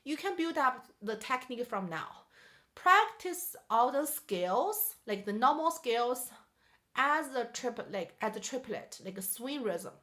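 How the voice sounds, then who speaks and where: High-voiced woman teaching piano. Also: very animated, unhurried, fairly bright tone. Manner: patient and explanatory, counts and sings rhythms aloud. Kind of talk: one-on-one music lesson.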